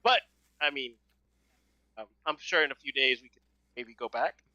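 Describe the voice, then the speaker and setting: A man's voice: medium pitch, normal speed, pushed and bright, dry recording, muffled recording. A man playing a tabletop game, talking hesitantly with many fillers. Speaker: player. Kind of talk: casual in-character play.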